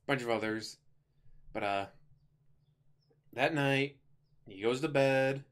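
A man's voice: on the low side, unhurried, pauses often, a bit bright. A man giving a casual spoken movie review, chatty and rambling, with offhand jokes as he retells the plot.

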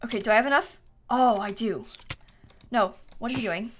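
A young woman streaming a game live, reading out donations and reacting excitably, swinging from shrieks to low mutters. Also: normal speed, a little hiss or hum.

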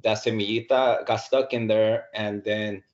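Low-voiced man telling his story, lo-fi sound. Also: steady tone, measured pace. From United States. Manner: candid and profane, drops in Spanish phrases. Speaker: podcast guest, business founder. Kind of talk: casual storytelling. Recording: muffled lo-fi audio.

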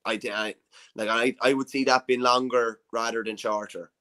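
An Irish man co-hosting a relaxed sports chat at an ordinary mid pitch. He talks through his thoughts aloud as he goes. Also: normal speed, poor audio. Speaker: podcast co-host.

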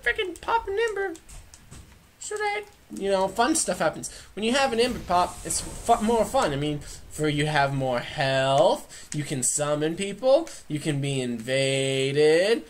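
A woman's voice: low-pitched, animated, a little slow, few pauses, slight background noise. A woman playing a video game and chatting casually, playful and goofy, talking back at the game. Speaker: gamer. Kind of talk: casual let's play commentary.

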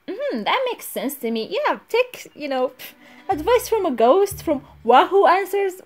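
A woman's voice: very high voice, big pitch swings, a little slow. Giggly young woman narrating her gameplay. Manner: giggly, talks to herself. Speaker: gaming channel host. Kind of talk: let's play commentary.

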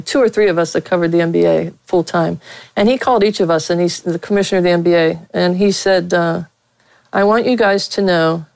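A woman's voice: lowish voice, darkish tone, dry recording, rough recording. A woman from Pittsburgh, a veteran sportswriter, telling blunt stories in a casual interview with many fillers and laughs. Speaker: sportswriter guest.

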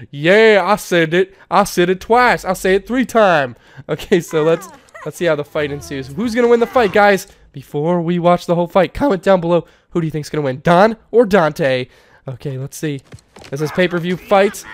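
A young man giving playful, excitable commentary while playing a life-sim game, laughing often. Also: on the high side, a little slow. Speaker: gaming YouTuber. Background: faint game music.

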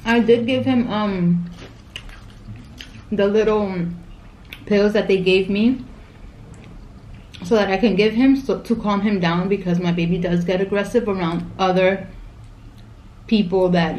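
A young woman talks casually and directly to her viewers, chatty and familiar. Her voice is mid-pitched and sounds echoey, with a faint hum of room noise behind it. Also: a little slow, long pauses, a little mellow. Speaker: vlogger. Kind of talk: casual mukbang vlog chat. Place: at home.

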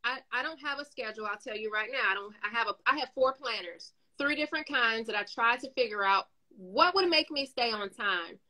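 A woman with a bright, forceful voice pitched a little high talks in a relaxed, chatty way. She tells lively stories, acts out little bits of dialogue, and gives encouraging advice as a guest speaker. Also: a little fast, few pauses, rough recording. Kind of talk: casual motivational chat.

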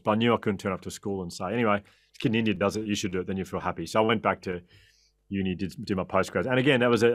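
Australian man telling lively stories. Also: deep voice, dry recording, studio quality. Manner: lively, laughing storyteller with frequent self-corrections. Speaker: podcast guest. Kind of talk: anecdotal interview storytelling.

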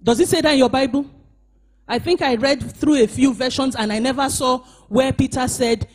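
A woman pastor preaching a sermon at a church service, moving between shouted emphasis and hushed asides and calling on the congregation to respond. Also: high voice, moderate pace.

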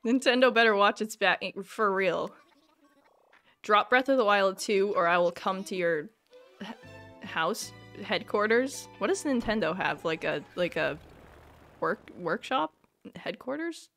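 A woman streamer chatting excitedly with her viewers during a live game stream, laughing often. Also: mid-range voice, unhurried, faint music behind.

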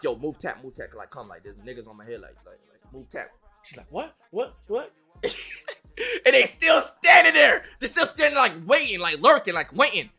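A high, bright young man's voice, full of lively swings in pitch. He tells a story in loose slang and lurches from loud outbursts to low, hushed mutters. Soft music sits underneath. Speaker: streamer. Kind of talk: animated storytelling.

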